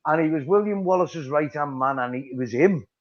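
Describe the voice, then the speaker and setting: A man's voice: a little high, brisk, crowd noise. Sweary middle-aged Liverpool man. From Liverpool, England. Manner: blunt, sweary, repeats himself. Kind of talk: casual live chat. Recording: dull lo-fi stream audio.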